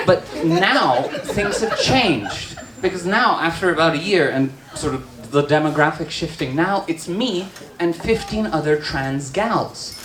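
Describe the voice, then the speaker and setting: A trans woman performing a stand-up comedy set in a bar, telling stories with deadpan asides. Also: deep voice, a little slow, hardly any pauses, slight background noise. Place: bar with live audience. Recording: roomy bar recording with crowd laughter.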